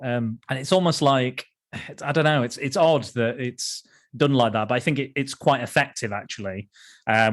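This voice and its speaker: A man co-hosting a podcast, chatting casually about old films with frequent restarts and chuckles. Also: mid-range voice. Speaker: podcast co-host. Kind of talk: casual film discussion.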